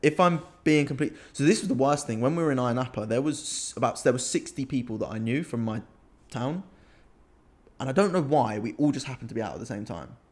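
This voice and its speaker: Young british guy on a podcast, mid pitch, telling crazy stories and laughing a lot. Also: brisk. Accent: British English. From Britain. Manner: animated anecdote-telling, laughs often. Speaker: podcast co-host. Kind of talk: casual storytelling chat.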